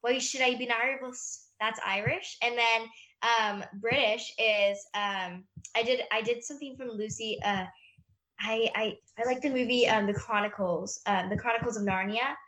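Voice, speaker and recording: Chatty American woman with bright tone. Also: a little high, steady tone, moderate pace. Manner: chatty, hesitant with many fillers. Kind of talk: casual interview chat.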